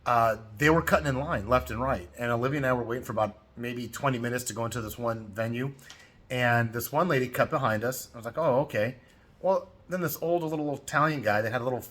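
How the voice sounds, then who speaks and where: A middle-aged man talks to his camera from a hotel room in a loose, chatty vlog style. His voice sits at an everyday pitch, and he tells his stories at length, getting louder and more worked up when he replays an argument. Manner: chatty storyteller, rising loud when retelling the quarrel. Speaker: travel vlogger. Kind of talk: casual vlog chat.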